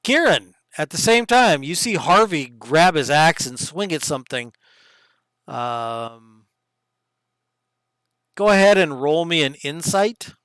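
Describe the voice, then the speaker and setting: A young man narrating and running a tabletop game as game master, casual with quick asides. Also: fairly high pitch, big pitch swings, a bit bright, smooth, no room sound, clean studio sound.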